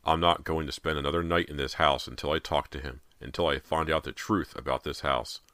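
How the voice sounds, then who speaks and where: A man's voice: extremely low pitch, steady tone, fairly quick, sharp tone, no echo. A man reading an audiobook and voicing a shaken, insistent father. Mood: determined. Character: shaken, frantic middle-aged father.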